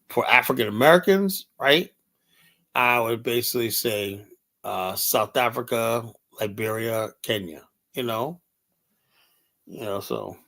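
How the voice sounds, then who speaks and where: An older livestream host reads chat in a rambling, blunt and profane manner, with "you know" turning up again and again. His mid-range voice has a fairly bright tone.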